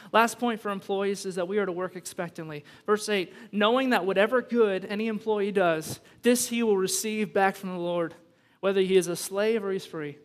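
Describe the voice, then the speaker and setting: Man, pastor, sermon, high voice, animated emphasis, storytelling asides, long hall reverb. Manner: animated preaching with rising emphasis.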